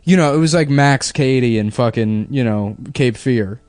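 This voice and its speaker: A man's voice: medium pitch, moderate pace, a little mellow, no echo. A young man hosting a podcast, telling profane, rambling stories in casual chat. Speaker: podcast co-host.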